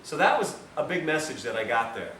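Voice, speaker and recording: Male health lecturer, animated storyteller, recorded on a far mic with faint hiss. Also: a little high, fairly quick, reverberant. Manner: animated, self-mocking storyteller. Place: lecture room with audience.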